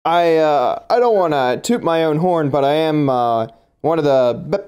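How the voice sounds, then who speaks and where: A man's voice: on the high side, expressive, moderate pace, a little mellow, clear, resonant tone, lightly acted. A man voicing a proud, boastful veteran male cave delver. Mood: curious. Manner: boastful and curious.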